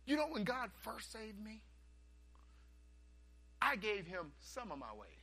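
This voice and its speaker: A male preacher delivers his sermon in a storytelling way. His voice sits a little high, with a bright, forceful edge and a gravelly fry. He drops to hushed asides and then climbs to loud, animated bursts. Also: unhurried.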